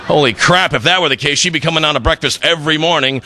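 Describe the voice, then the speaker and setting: A man's voice: fairly high pitch, quick pace, creaky, hardly any pauses, pushed and bright. A middle-aged man doing a stand-up comedy routine on a club stage, telling stories with punchy delivery and acted-out quotes.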